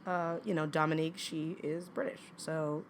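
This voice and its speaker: A woman's voice: deep voice, fairly even intonation, normal speed, a little hiss or hum. A woman co-hosting a casual TV recap, chatting directly to viewers with frequent "um"s. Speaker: co-host.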